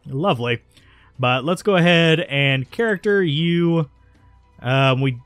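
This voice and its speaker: Casual let's play host, chatty, dry close mic, faint game music under. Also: male voice, on the high side, slow pace, a bit bright, dry recording. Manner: chatty, self-correcting. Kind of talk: casual gameplay commentary.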